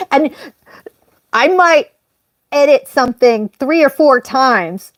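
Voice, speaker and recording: Woman streamer chatting casually and at length, apologizing often; fairly high voice, dry room. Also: takes it slowly, pauses often, dry recording. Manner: rambling and apologetic; animated, jumps up in pitch on emphasis. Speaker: livestream host. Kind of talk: casual live-stream chat.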